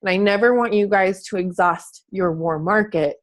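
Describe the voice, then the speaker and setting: A young adult woman fitness coach giving a chatty, animated coaching talk, acting out people's thoughts as she goes. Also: mid-range voice, normal speed. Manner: chatty, animated, acts out squealing quoted thoughts. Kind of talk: casual coaching talk to camera.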